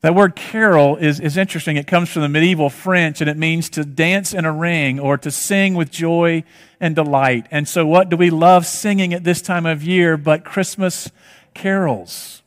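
A man's voice: a little high, steady tone, moderate pace. A man preaching a sermon, telling a story and asking rhetorical questions, in a reverberant hall. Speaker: pastor.

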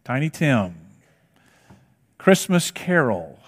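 A man's voice: medium pitch, big pitch swings, slow pace, breathy edge. Man preaching in a reverberant hall. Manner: storytelling, rhetorical questions. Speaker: pastor. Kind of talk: sermon.

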